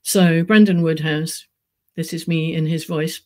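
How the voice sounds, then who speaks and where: A speaker reads aloud at a book launch, speaking haltingly with frequent ums and sounding close to tears. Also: mid-range voice, fairly even intonation. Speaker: book editor reading at a launch. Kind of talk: book reading with informal asides.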